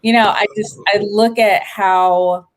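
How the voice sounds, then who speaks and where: Animated woman in her late thirties. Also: mid-range voice, slow, slight background noise. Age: 30s. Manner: animated, expressive, upbeat. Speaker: guest, veteran and entrepreneur. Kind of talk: casual interview chat.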